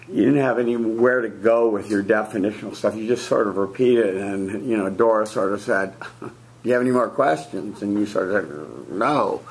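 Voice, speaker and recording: A man coaching debaters in a classroom, giving blunt feedback with lively emphasis. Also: fairly low pitch. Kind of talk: spoken critique in class.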